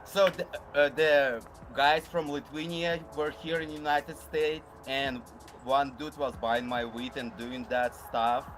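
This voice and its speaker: A man in a casual chat, speaking in excited, broken phrases. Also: on the high side, slow, faint music behind.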